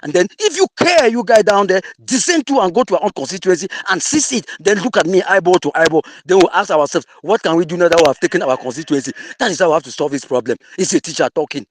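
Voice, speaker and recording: A man's voice: sits high, lively intonation, fast, hardly any pauses, a little hiss or hum. A man with a Cameroonian English accent mixing in Pidgin, angrily insulting an opponent in an online audio debate. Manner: angry, insulting, mocking.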